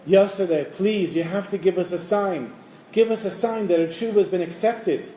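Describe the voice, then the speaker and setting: A man's voice: medium pitch, fast talker, dark tone, reverberant, slight background noise, natural voice, poor audio. A man doing an earnest rabbi. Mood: pleading. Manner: earnest, pleading. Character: respected male rabbi, community head.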